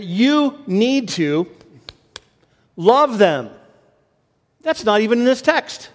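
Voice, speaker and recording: A man preaching a sermon as pastor, animated, often restarting phrases and rising in pitch for emphasis. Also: slow, pauses often, big-room sound.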